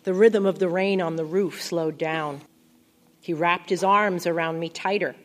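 A woman narrating a first-person audiobook in a quiet, intimate, reflective way. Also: lowish voice, steady tone, a little slow.

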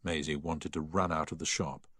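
A man narrating a story in a measured, expressive reading. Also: rumbling low, no room sound, clean studio sound. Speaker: audiobook reader.

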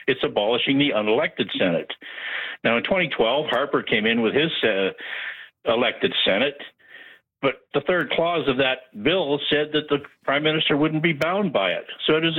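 Emphatic man calling in by phone. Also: mid-range voice. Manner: emphatic, rambling. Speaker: caller. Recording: tinny phone line.

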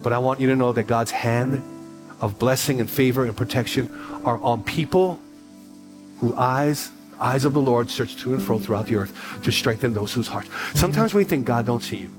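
A man in his forties preaching a sermon as pastor, telling a personal story with quick asides and repeated phrases. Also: mid-range voice, over music.

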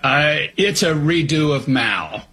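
A man being interviewed as a guest, explaining bluntly and forcefully. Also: on the high side, lively intonation, slow, breathy edge, poor audio. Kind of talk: interview talk.

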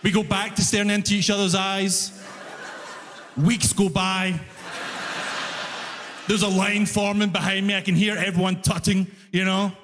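A young man performing a stand-up comedy set, telling an animated story and loudly acting out his own frustration. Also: high voice, measured pace, pauses often, in a large hall. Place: comedy club stage before a live audience.

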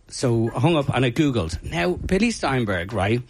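An Irish man who organizes a music night, telling stories in a casual interview in an animated, chatty way full of fillers. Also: medium pitch, moderate pace, a little hiss or hum.

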